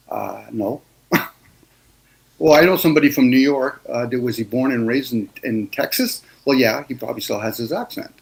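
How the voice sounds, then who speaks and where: A man's voice: mid-range voice, fairly quick, creaky, husky, rough recording. A man from Canada chatting casually as a co-host, easygoing and thinking aloud with the odd chuckle. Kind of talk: casual chat.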